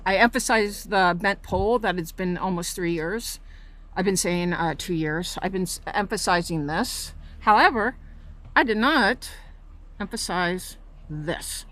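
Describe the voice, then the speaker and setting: A woman's voice: on the low side, unhurried, pushed and bright. A woman walking outdoors through her residential park, filming on her phone and pointing out problems in an indignant, accusing way. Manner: indignant, accusing, points things out as she walks. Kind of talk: walking tour vlog with complaints. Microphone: phone camera held while walking.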